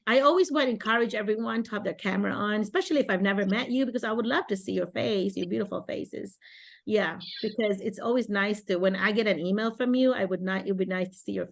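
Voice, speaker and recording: A woman's voice: mid-range voice, fast talker, gravelly. A middle-aged woman from the Philippines hosting a casual video call as a teacher mentor, chatty and laughing often. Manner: chatty, laughs often, animated self-quoting.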